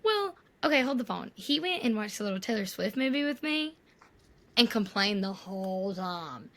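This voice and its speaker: A woman's voice: medium pitch, sing-song, normal speed, fairly bright tone. A woman, co-hosting a podcast over a video call, telling stories and mimicking the people in them. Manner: storytelling, mimics others' voices. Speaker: podcast co-host. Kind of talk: casual chat.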